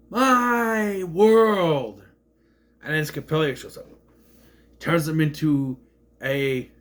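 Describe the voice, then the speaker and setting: A man casually recapping a movie, rambling with fillers and slipping into quick voice impressions. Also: a little high.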